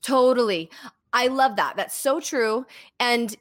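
A woman's voice: fairly high pitch, takes it slowly, dry recording. Chatty woman podcast host, dry sound. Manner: chatty, lots of "like", thinks aloud. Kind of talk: casual chat.

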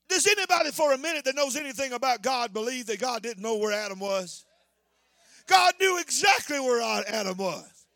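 A male preacher delivering a fervent sermon, shouting his points and calling out to the congregation. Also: very high voice, expressive, moderate pace, dry recording, studio quality, faint music behind.

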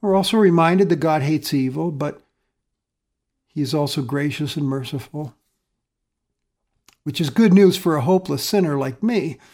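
A male pastor preaching a sermon earnestly, moving between loud emphasis and soft, quiet phrases. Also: on the high side, moderate pace, pauses often.

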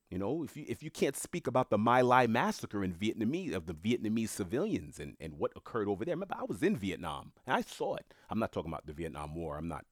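A man's voice: fairly low pitch, dry recording, clean studio sound. A man speaking his mind in an opinionated monologue, arguing hard and repeating points for emphasis, his voice leaping up when he gets worked up. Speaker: political commentator.

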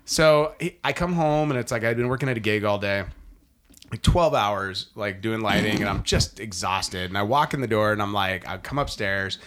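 A man's voice: on the low side, normal speed, fairly bright tone. A man in his thirties telling funny family stories in casual chat, acting out voices as he goes. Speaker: podcast co-host.

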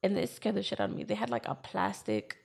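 A woman's voice: mid-range voice, fast, vocal fry, breathy edge. A woman telling a personal story in casual chat, acting out what she and others said. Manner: animated retelling, acting out her own quotes.

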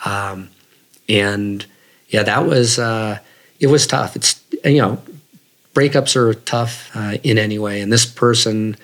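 A man's voice: fairly low pitch, slow. A man, a guest runner, telling personal stories in an interview in a casual, reflective way with many fillers. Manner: reflective, casual, lots of fillers like "you know". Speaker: guest, long-distance runner. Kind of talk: storytelling in an interview.

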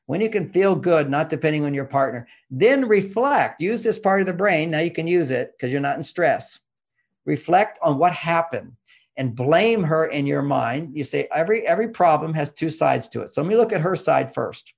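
A man's voice: a little high, lively intonation, moderate pace, gravelly. A man explaining relationship advice in an interview, emphatic and teacherly, pushing his voice up on key points.

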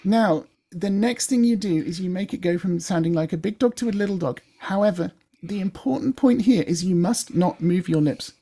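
A woman's voice: on the low side, moderate pace, warm tone. A woman, working as a voice coach, explaining in a chatty way and demonstrating sounds.

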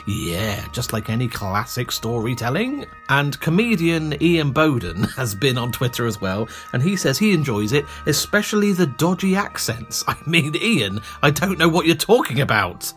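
A man's voice: medium pitch, very animated, moderate pace, fairly bright tone, faint music behind. A male comedian hosting a podcast, chatting playfully and joking at his own expense. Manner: chatty, playful, self-mocking. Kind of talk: casual podcast monologue.

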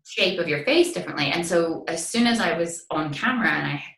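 A woman with a Scottish accent, an actress chatting casually in an interview, animated and full of fillers. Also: on the low side, fairly quick, reverberant, far from the mic, low-quality recording. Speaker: actress guest.

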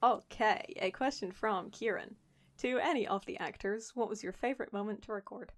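A woman's voice: mid-range voice, moderate pace. A woman hosting a cast Q&A, reading out listener questions and coyly teasing what comes later in the story. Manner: playful, coy. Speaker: show creator, reads listener questions. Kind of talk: casual chat.

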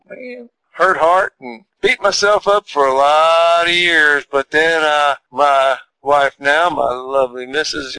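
A man's voice: on the high side, creaky, pushed and bright, no room sound, poor audio. An older man telling a personal story in a folksy, rambling, heartfelt way. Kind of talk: casual storytelling.

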